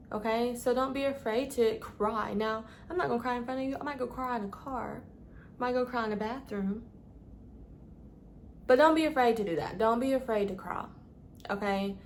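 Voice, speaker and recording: A woman's voice: on the high side, moderate pace, a little hiss or hum. Chatty woman vlogger giving advice. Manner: chatty, calls listeners "babes", stumbles over words. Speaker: lifestyle vlogger. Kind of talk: casual advice vlog.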